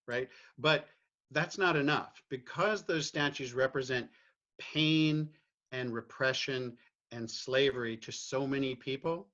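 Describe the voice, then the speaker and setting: A man's voice: mid-range voice, unhurried, a bit bright, lo-fi sound. A middle-aged man from Virginia, a podcast guest speaking candidly and reflectively about his family and his views, often restarting his phrases and checking in with "right?". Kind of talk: candid personal conversation.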